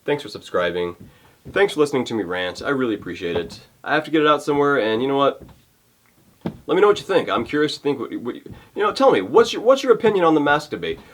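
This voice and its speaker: A man's voice: on the high side, sing-song, fast. A male vlogger ranting to camera, fired up and exasperated, often repeating himself. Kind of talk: heated rant to camera.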